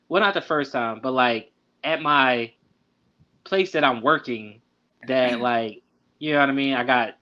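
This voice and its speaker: A man's voice: mid-range voice, bright, forceful tone. A young man talking loosely on a podcast, telling a personal story full of fillers and asides. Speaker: podcast co-host. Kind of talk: casual storytelling. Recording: dull lo-fi sound.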